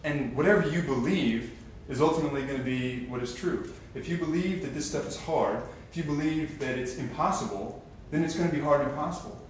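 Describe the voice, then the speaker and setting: Brisk and slightly high-voiced, this man barely pauses as he delivers a motivational talk to a live audience, moving from stories to energized calls to action. The recording comes from a distant camcorder in a large, echoey room, with a faint hiss or hum.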